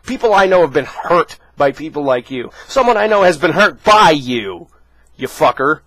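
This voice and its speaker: Guy with a high voice ranting mad and swearing nonstop, dry close sound. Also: very animated, normal speed, a bit bright, dry recording, poor audio. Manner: furious, profane, confrontational. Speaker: vlogger. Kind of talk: angry rant to camera.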